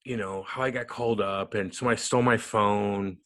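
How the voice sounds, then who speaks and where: A man in his thirties, a podcast guest, telling stories in a lively, profane way and acting out quotes. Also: fairly low pitch, a little fast. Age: 30s. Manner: animated, profane, acts out quotes. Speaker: podcast guest, former hockey player. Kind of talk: casual storytelling interview.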